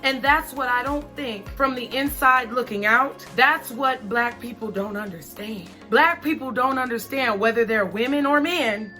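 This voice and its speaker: A woman's voice: a little high, normal speed, few pauses, pushed and bright, soft background music. A woman from Chicago ranting in an unscripted personal vlog, emphatic and blunt, repeating points and tagging them with "okay?". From Chicago, USA. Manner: blunt, swears freely. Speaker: vlogger.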